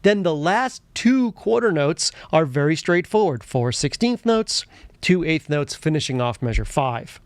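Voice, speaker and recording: A man's voice: a little high, expressive, unhurried, dry recording. A man teaching a music theory lesson, explaining rhythms patiently step by step and chanting rhythm syllables.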